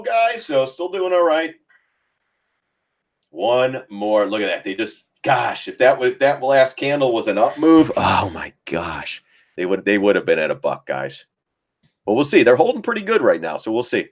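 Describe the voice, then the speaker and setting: A man's voice: mid-range voice, sing-song, unhurried. A man hosting a live trading stream, chatting casually about charts, laughing often and mimicking panicked traders. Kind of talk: casual live market commentary.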